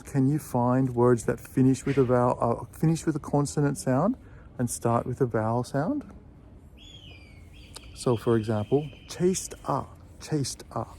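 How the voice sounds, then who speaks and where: A man gives an English pronunciation lesson at a mid pitch, patient and steady. He says example phrases slowly and repeats them. A faint background hiss sits under his voice. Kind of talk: video lesson. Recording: faint background noise with birdsong.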